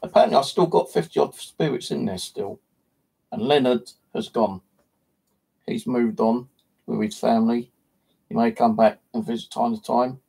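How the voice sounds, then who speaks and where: A gravelly British man with a husky, rough-edged voice talks on a casual live stream from his home flat. He speaks bluntly and swears freely, sounding middle-pitched and scolding. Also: moderate pace. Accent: British English. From United Kingdom. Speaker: paranormal vlogger.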